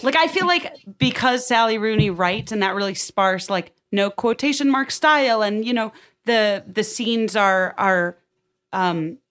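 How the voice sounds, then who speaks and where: A woman's voice: mid-range voice, a little slow. Chatty young woman thinking aloud. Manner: thinks aloud with restarts, animated. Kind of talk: casual book discussion.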